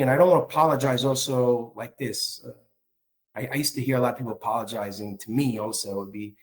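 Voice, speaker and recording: A man's voice: mid-range voice, poor audio. A man giving a candid personal talk about his marriage, speaking frankly and often stopping to restart his sentences. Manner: candid, halting, with frequent restarts.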